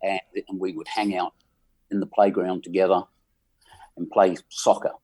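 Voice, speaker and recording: A man's voice: sits low, level tone, a little mellow, husky. A man of about sixty with an English accent, telling wry stories as a guest in a casual interview. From England. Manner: unhurried, wry anecdotes with many ums. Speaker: musician guest.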